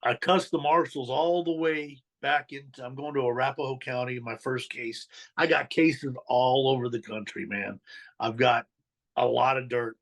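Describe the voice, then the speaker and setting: On a rough recording, a middle-aged podcast guest candidly tells his life story in blunt street slang, swearing and acting out the voices of the people in it. His voice is medium-pitched, steady, creaky, and fairly bright, at a normal speed.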